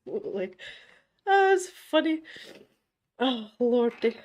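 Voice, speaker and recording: A woman's voice: fairly high pitch, normal speed, lo-fi sound. A middle-aged Scottish woman hosting an art livestream from her home studio, chatting casually and self-deprecatingly, laughing often and restarting her sentences. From Scotland. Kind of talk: casual livestream chat reading viewer comments.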